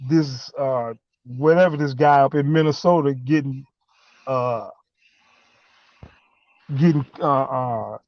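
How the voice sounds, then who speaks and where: A man calling in and speaking emphatically in a preachy way, halting with many fillers between points. The audio is a dull, lo-fi call line. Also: a little high, a little mellow, no echo. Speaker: caller. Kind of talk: impassioned call-in monologue.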